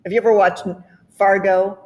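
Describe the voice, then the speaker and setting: A woman's voice: mid-range voice, flat delivery, normal speed, warm tone. A woman with a Southern US accent, chatting casually and animatedly about accents, laughing often. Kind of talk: casual chat.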